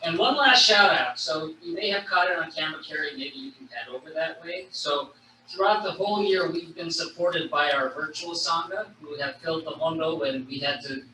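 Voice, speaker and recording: A man's voice: on the high side, moderate pace, sharp tone. Man giving rambling thanks in an echoey hall. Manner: rambling, repeats "so" and "and". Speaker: temple president. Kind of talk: closing thanks at a live event. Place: large temple hall. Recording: echoey hall from far off, noisy.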